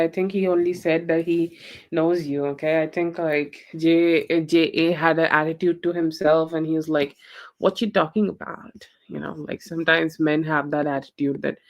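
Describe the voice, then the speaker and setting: A woman doing a live tarot reading, rambling and loose, constantly tagging her lines with "okay" and "you know". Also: sits low. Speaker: tarot reader.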